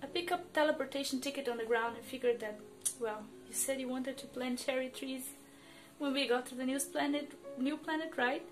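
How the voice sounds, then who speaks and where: A woman's voice: sits high, steady tone, brisk, music in the background, close to an everyday voice. A woman voicing a sheepish, teasing young man.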